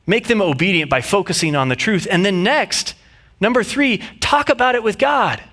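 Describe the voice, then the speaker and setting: A man's voice: high voice, lively intonation, moderate pace, fairly bright tone. A man preaching a sermon in an earnest, conversational way, reading scripture and often restarting his sentences. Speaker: pastor.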